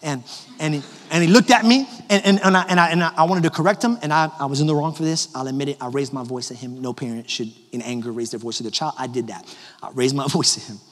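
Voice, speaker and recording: A man in his thirties, a pastor giving an animated, personal sermon with jokes for the congregation, his voice a little hoarse from a cough. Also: medium pitch, quick pace. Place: large church auditorium. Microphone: handheld microphone. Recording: long hall reverb from a large church.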